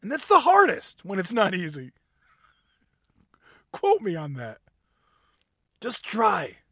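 A man's voice: high-pitched, wildly swooping pitch, slow, bright, forceful tone, no echo, studio quality. A man hosting an upbeat talk show, bubbly and giggly, reading stories with a playfully over-the-top delivery. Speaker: podcast host.

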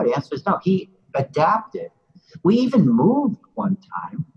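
A man's voice: on the high side, expressive, unhurried, vocal fry, breathy edge, muffled recording. An older man being interviewed who tells a story in a rambling, casual way, full of "you know" asides.

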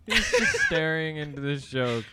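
A young man co-hosting a casual, joking chat with quick banter. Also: fairly high pitch, wildly swooping pitch, very noisy.

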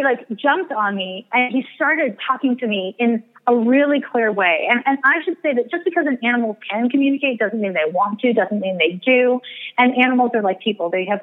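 A woman, an astrologer and medium, telling a rambling, self-deprecating story in a casual interview. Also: a little high. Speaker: astrologer and psychic medium guest. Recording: tinny phone-like radio line.

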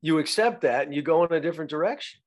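A man speaking as a podcast guest in casual conversation, reflective and halting, often restarting his sentences. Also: a little high. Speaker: actor guest.

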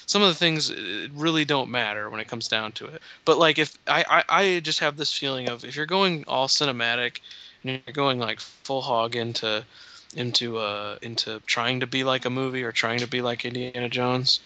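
A man's voice: medium pitch, normal speed, pushed and bright, rough recording. A man on a gaming podcast, chatting casually in a hesitant way with lots of fillers and restarts. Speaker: podcast co-host.

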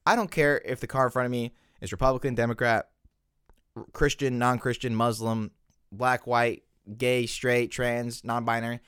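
A young man hosting a solo podcast, rambling and animated in a casual rant full of fillers. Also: mid-range voice, moderate pace, clear, resonant tone, no room sound, studio quality. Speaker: podcast host.

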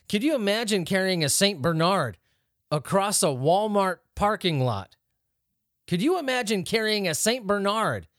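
Lively joking man hosting a podcast. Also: on the high side, dry recording, studio quality. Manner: joking, laughs often, reads headlines aloud and riffs. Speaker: podcast host. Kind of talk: casual rambling news chat.

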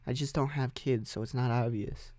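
A man's voice: mid-range voice, steady tone, normal speed, darkish tone, slight background noise. A young man hosting a solo podcast from his home music setup, rambling in an offhand, profane way. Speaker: podcast host.

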